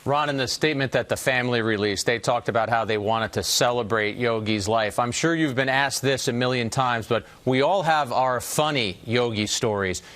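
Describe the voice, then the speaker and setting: A man's voice: mid-range voice, normal speed, hardly any pauses, a bit bright. Male interviewer with wordy questions. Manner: asks long, wordy questions. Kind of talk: broadcast interview.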